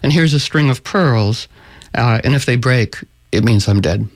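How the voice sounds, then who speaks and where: A young brother announces his quest in a matter-of-fact, resigned way, as voiced by a man telling a folktale. Plain and low-key. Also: a little slow, lightly acted.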